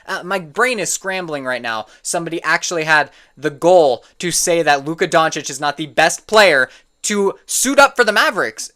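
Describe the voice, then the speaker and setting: A man's voice: fairly high pitch, expressive, normal speed, bright, forceful tone. A man giving casual reaction commentary on sports opinions, opinionated and prone to getting heated and exasperated. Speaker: sports content creator.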